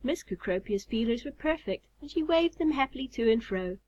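A woman reading a children's story aloud in a calm, measured way. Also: fairly high pitch. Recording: slightly muffled recording.

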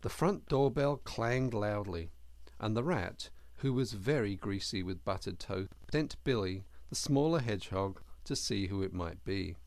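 A man reading a children's classic aloud as narrator, in a measured storytelling manner. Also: on the low side, animated, a little mellow, no room sound. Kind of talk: audiobook narration.

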